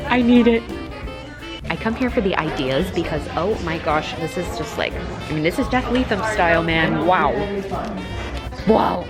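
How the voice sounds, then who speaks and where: A young woman vlogging casually, gushing and excitable with frequent gasps and giggles, over background music. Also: lowish voice, normal speed. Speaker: lifestyle vlogger. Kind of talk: casual vlog chat.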